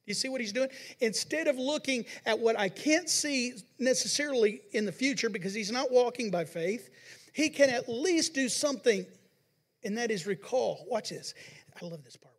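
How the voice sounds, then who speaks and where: A man preaching a sermon as pastor of a Pentecostal church, reading scripture dramatically, slowing down and building on the verses. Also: high voice. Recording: long church hall reverb.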